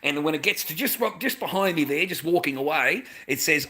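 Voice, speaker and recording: A man's voice: a little high, fairly quick, hardly any pauses, bright, forceful tone. An Australian man and father ranting to camera in a heated, swearing monologue, calling the listener mate. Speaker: vlogger, father.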